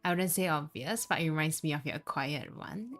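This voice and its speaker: Low-voiced Singaporean woman chatting on stream. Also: expressive, normal speed. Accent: Singaporean English. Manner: chatty, laughs often, switches between English, Mandarin and Japanese. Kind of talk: casual live-stream chat with viewers. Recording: faint background music.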